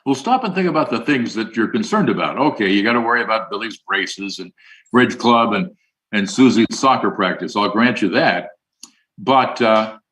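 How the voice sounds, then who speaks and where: A man giving a conference acceptance speech in a folksy way, answering imagined objections and repeating a hotline number slowly. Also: mid-range voice, fairly bright tone, rough recording. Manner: folksy, plays both sides of an imagined dialogue.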